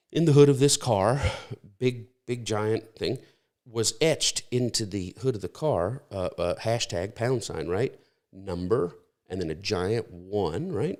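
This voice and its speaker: Low-voiced man preaching, storytelling style. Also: darkish tone. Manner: storytelling, conversational with many restarts. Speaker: pastor. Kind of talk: sermon.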